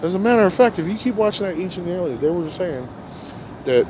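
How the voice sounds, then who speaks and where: A man's voice: expressive, brisk. Profane rambling man outdoors. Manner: profane, rambling, swings from low mutters to loud rants. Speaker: vlogger. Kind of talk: rambling monologue. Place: park outdoors. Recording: outdoor recording with traffic noise. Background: passing cars and outdoor ambience.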